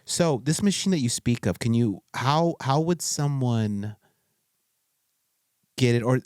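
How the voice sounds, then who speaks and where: A man hosting a podcast, chatty and excitable, with slang and restarts. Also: medium pitch, takes it slowly, no room sound, clean studio sound. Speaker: podcast host. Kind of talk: casual interview conversation.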